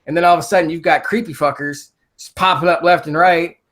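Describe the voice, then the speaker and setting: A man's voice: a little high, steady tone, fast talker, fairly bright tone. Blunt, cursing man podcast guest. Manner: blunt, swears freely. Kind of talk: casual conversation.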